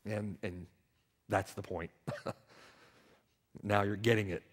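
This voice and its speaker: A male pastor preaching a sermon, repeating his questions and swinging from hushed reflection to loud, pleading appeals. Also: fairly low pitch, fairly even intonation, slow pace. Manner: rhetorical repetition and questions.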